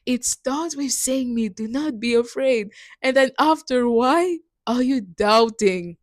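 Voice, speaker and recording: A woman's voice: a little high, takes it slowly, dry recording. A young woman giving an earnest, emotional personal faith testimony, often laughing between lines. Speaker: missionary sharing testimony.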